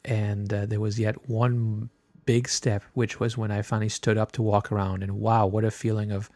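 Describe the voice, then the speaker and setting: A middle-aged man hosting a podcast, telling a personal story in a relaxed, chatty way with many filler words. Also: fairly low pitch, no room sound. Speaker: podcast host.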